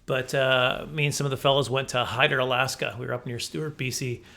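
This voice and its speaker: A man's voice: mid-range voice, steady tone, fast talker, vocal fry, bright, forceful tone. A man in his forties telling a rambling, self-correcting story to camera, laughing often. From Canada. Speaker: comedian vlogger.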